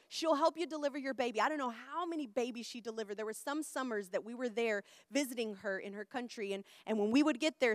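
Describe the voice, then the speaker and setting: Woman, middle-aged, pastor, sermon testimony, passionate, high-ish voice, dry close sound. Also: no echo. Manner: passionate preaching, swinging from loud and high to soft and low. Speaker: pastor and speaker.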